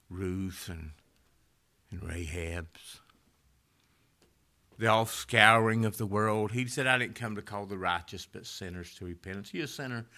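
Man preaching, low-pitched yet sharp and forceful, loud one moment and hushed the next. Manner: swings from loud rising exhortation to hushed near-whisper. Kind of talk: sermon.

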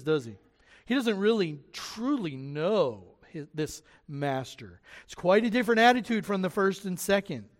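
A man preaching a sermon as pastor, animated and lively, acting out the voices of the people he quotes. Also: high-pitched, long reverb tail. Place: church sanctuary.

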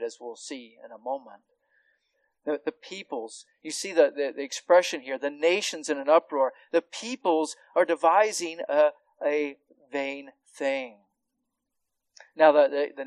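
A man preaching an expository sermon, teaching earnestly with rhetorical questions and frequent restarts, his voice swelling on key points and dropping to quiet asides. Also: on the high side, no room sound, rough recording. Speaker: pastor.

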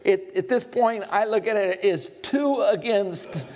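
High-pitched preacher man retelling scripture. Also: measured pace, darkish tone. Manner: storytelling, acts out scripture dialogue with humor. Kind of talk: sermon.

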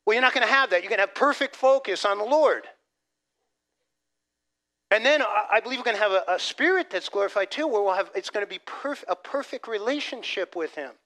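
A man preaching a sermon as pastor, animated, dropping from loud emphasis to soft asides and restarting phrases. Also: high voice, brisk. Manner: repeats words as he restarts phrases.

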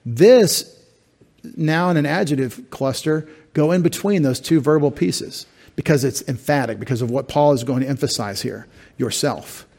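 A man's voice: medium pitch, moderate pace, creaky, darkish tone. A middle-aged man pastor preaching an expository sermon, explaining Greek words step by step with wry asides. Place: church sanctuary.

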